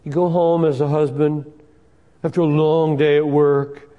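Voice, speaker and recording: A man preaching a sermon, emphatic and expressive, often acting out the voices in the passages he reads. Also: fairly high pitch, a little slow, in a large hall, narrow, tinny audio.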